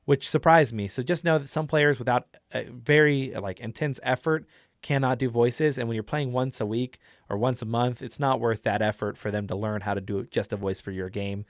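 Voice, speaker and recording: A man's voice: medium pitch, normal speed, no echo, clean studio sound. A man giving a casual tutorial on tabletop role-play voices, chatty and rambling with many fillers. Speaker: tabletop game teacher.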